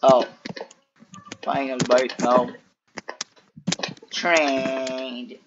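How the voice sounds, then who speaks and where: A man's voice: mid-range voice, little pitch movement, very slow, lo-fi sound, heavy background noise. A man giving casual commentary on a game over a group call, playful and teasing, laughing often. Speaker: gameplay commentator.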